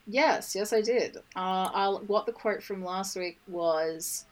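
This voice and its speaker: A woman co-hosts a relaxed podcast chat. She talks frankly and chattily, with strong opinions, in an easygoing tone. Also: mid-range voice, takes it slowly. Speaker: podcast co-host.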